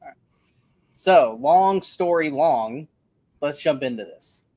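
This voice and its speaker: A man's voice: a little high, expressive, slow, warm tone. A man co-hosting a casual movie review podcast, ranting emphatically and swearing freely. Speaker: podcast co-host.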